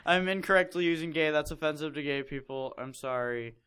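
A young man with a slightly high, somewhat bright, clean voice reads fan fiction aloud fairly quickly during a casual comedic chat. He mocks the text, laughs often, and puts on silly voices for the quotes.

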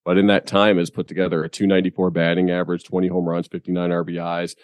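A man co-hosting a sports podcast, easygoing and quick to agree and laugh. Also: low voice, monotone, no echo. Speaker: podcast co-host. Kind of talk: casual sports chat.

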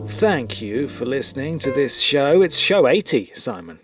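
A man's voice: mid-range voice, sing-song, a little slow, over music. A man from the UK co-hosting a podcast in loose, joking, rambling casual chat. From United Kingdom. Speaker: podcast co-host.

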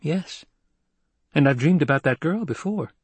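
A man's voice: on the high side, lively intonation, a little slow, slightly rough, no room sound, pitched above the performer's own voice. A man voicing a wary, stubborn teenage boy in an audiobook reading, answering in a guarded, terse way.

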